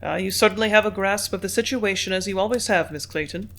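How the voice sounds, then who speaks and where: A steady, businesslike male manager in an audiobook, measured and composed as he dictates. A reader voices him in a plain reading voice with a middle pitch. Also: lightly acted. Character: business-minded company manager, man.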